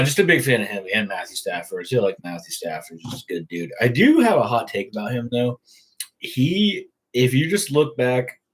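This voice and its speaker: A man's voice: lowish voice, breathy edge, rough recording. A young man hosting a casual sports talk show, rambling and swearing freely. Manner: profane, rambling. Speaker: host.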